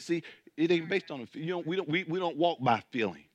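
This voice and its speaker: A man's voice: a little high, expressive, fast talker, no room sound. A man preaching as pastor, building intensity, with mocking asides about churchgoers. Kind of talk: sermon.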